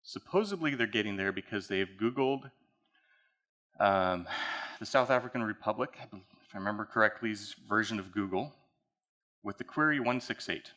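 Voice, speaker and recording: A man's voice: lowish voice, animated, moderate pace, sharp tone. A man speaking at a conference, walking the audience through a technical case study in a casual, conversational way. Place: conference hall.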